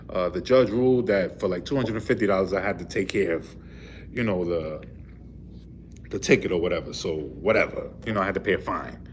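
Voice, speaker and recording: A man's voice: fairly low pitch, a little hiss or hum. A man, a truck driver, casually retelling a run-in with the police, rambling and full of fillers. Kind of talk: casual storytelling vlog. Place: in a vehicle.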